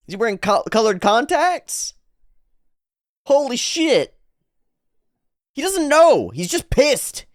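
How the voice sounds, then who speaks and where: A woman hosting a reaction video, commenting on an anime in an excitable way, swearing and laughing loudly, going from mutters to squeals. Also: fairly high pitch, slow pace, pauses often, no room sound, studio quality. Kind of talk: casual reaction commentary while watching anime.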